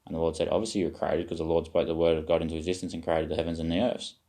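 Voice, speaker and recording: A man with a notably low voice talks to his viewers in a wandering, circling monologue. He questions himself as he goes and drifts into spiritual musing, with casual swearing along the way. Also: level tone, racing, dark tone. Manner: meandering, self-questioning, occasional swearing. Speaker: vlogger.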